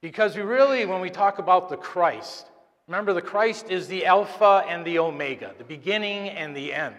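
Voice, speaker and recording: A man, apparently a deacon, giving a conversational sermon during Mass, halting and joking with the congregation. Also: high voice, fairly bright tone. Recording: long church reverb.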